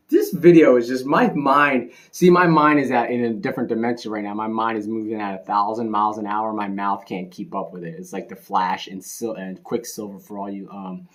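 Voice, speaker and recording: A man in a casual, rambling rant about a bad game, sarcastic and laughing, swinging between loud outbursts and muttering. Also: on the low side. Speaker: sports commentary vlogger.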